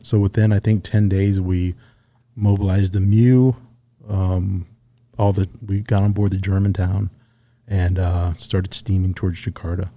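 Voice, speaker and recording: A middle-aged man, a retired Navy SEAL sniper, telling his story in a relaxed, casual interview. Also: low voice, unhurried, no echo. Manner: relaxed storyteller, acts out quoted dialogue.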